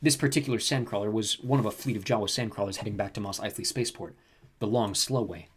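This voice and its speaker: Brisk husky male audiobook narrator. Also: on the low side. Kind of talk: scripted narration.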